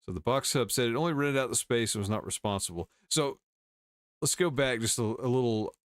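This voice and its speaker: A man's voice: medium pitch, brisk, no echo, studio quality. A male host casually reading and commenting on news stories, wry, with chuckling asides.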